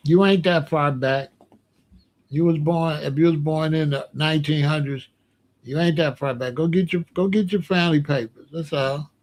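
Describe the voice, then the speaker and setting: Middle-aged man, fairly high voice, blunt profane rant, dismissive and repetitive. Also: fairly even intonation, normal speed. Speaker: commentator reacting to comments. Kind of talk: casual ranting commentary.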